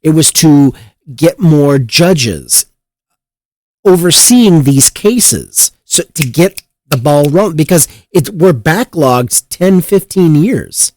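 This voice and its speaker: A man hosts a political talk show and rants with heat and plenty of profanity. His voice swings widely in pitch and sits a bit high for a man. The sound is dry and close, with no room echo. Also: a little mellow. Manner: heated, profane, mocking voices. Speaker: political commentary host. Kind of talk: casual political commentary.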